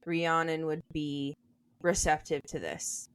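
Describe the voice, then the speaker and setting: A woman's voice: low-pitched, flat delivery, slow, clean tone. A young woman co-hosting a podcast, chatting casually about a book and thinking her points through aloud. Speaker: podcast co-host.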